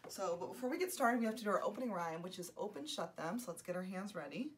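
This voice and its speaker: A woman librarian hosting a children's story time, gentle, soft-spoken and encouraging as she reads aloud. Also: mid-range voice, lively intonation, fast, distant mic, a little hiss or hum.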